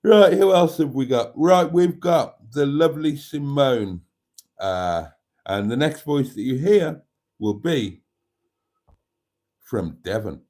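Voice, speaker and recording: A man's voice: mid-range voice, expressive, slow pace, pauses often, mellow. A man hosting a casual livestream, reading out viewer comments and laughing heartily. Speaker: livestream host.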